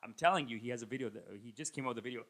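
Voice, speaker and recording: A man in his thirties, a comedian, rambling through a casual comedic monologue and mocking people with raised, animated impressions. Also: medium pitch, rapid-fire. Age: 30s. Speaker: comedian and podcast host. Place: Toronto.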